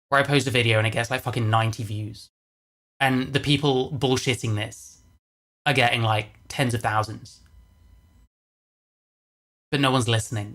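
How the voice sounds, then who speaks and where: A man streaming live, reacting to clips in an angry, exasperated rant. He swears constantly and hammers his points home by repeating them. His voice sits at a mid pitch for a man. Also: a bit bright. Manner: profane, exasperated, repeats phrases for emphasis. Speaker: livestreamer reacting to videos. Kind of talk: angry casual livestream rant.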